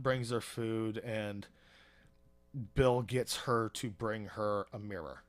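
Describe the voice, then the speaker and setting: A man with a fairly low voice, speaking a little slowly, co-hosts a podcast and retells a TV episode in a loose, chatty recap full of fillers and small chuckles.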